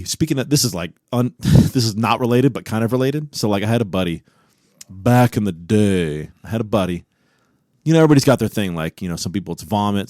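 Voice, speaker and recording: Young male podcast co-host, profane animated storyteller, lively pitch, dry mic. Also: no room sound. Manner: profane, animated storytelling, shouts quoted lines in a high voice. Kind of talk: crude casual podcast chat.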